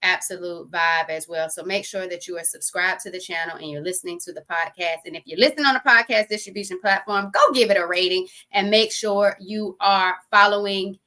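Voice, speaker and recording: Bright, upbeat woman plugging her podcast. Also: on the low side, a little fast, hardly any pauses. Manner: upbeat, promotional, uses "y'all". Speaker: podcast co-host. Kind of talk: casual chat with show promotion.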